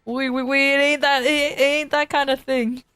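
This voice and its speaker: A woman's voice: sits high, little pitch movement, normal speed, fairly bright tone, no room sound. A young woman streamer rambling through a story in casual chat, swearing freely and laughing often.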